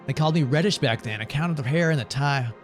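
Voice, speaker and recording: A man's voice: a little high, fast talker, over music, close to an everyday voice. A man reading the lines of a bitter older former financier who rambles and swears about war and greed. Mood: bitter ranting. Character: bitter older man, former money-circles big shot, ranting.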